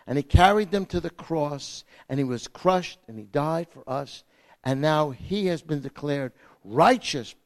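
A man preaching a sermon with slides, dramatic, swinging from loud emphasis to hushed, soft passages. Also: on the high side.

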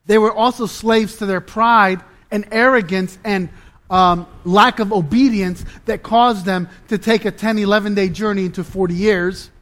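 A man preaching a sermon, deliberate and emphatic, dropping to a low, intense hush at times. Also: fairly even intonation.

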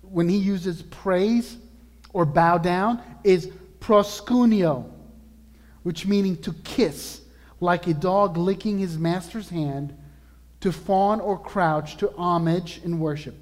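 A man preaching a sermon as pastor, earnest and emphatic, slowing down to stress key words. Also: high-pitched, darkish tone, in a large hall. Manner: earnest, emphatic preaching with slow drawn-out lists.

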